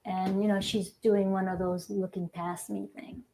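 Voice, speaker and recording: A woman hairdresser telling a personal story in an interview clip, animated, acting out the dialogue of the people in it. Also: mid-range voice, a little slow, slight background noise.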